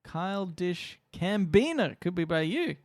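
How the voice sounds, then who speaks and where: A man's voice: high-pitched, big pitch swings, measured pace, no echo, studio quality. An Australian man co-hosting a podcast in casual chat, playful and teasing, laughing often. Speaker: podcast co-host.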